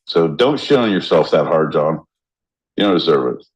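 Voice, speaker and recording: A man co-hosting a podcast in casual banter, rowdy and joking, often jumping into loud mock voices. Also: rumbling low, very animated, moderate pace, low-quality recording. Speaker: podcast co-host.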